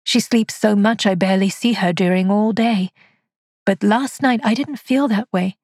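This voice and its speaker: A frail, frightened old spinster tells of her haunted nights, voiced by a woman reading the story. The voice is husky and hushed, recorded dry and close to the mic, in a mid-range tone. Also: medium pitch, moderate pace, no room sound. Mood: uneasy. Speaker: narrator. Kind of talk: scripted first-person narration.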